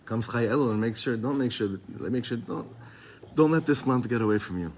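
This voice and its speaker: Fairly quick and a little mellow, a medium-pitched man leads a casual Torah class as a Chabad teacher. He rambles, restarts often, uses fillers, chuckles frequently, and mixes in Hebrew and Yiddish terms.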